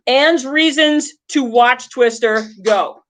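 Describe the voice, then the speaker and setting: Gal co-hosting a movie chat, rambly and excited, highish voice. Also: female voice, slow pace, a little hiss or hum. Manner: chatty, enthusiastic, rambling. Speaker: co-host. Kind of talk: casual podcast chat about a movie.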